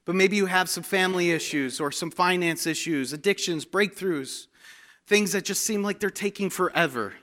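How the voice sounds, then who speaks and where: A male preacher delivers a sermon, weaving in humorous personal stories with animated energy. His voice sits high and rings bright and forceful. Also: normal speed.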